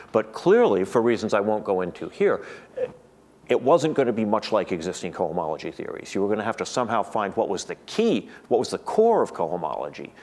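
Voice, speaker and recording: A man's voice: on the low side, a little mellow. A man giving an academic lecture to a room of listeners, thinking aloud with frequent restarts and repeated words.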